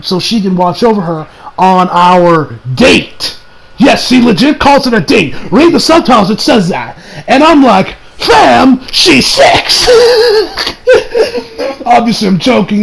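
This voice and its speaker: A young man giving a casual, animated episode review, slangy and quick to laugh. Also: high-pitched, gravelly, poor audio. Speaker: anime reviewer.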